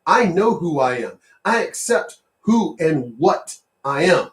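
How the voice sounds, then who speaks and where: Blunt, cursing man ranting, high voice. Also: sing-song, slow pace, few pauses. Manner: blunt, profane, repetitive ranting. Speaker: commentary vlogger. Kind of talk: ranting commentary on clips.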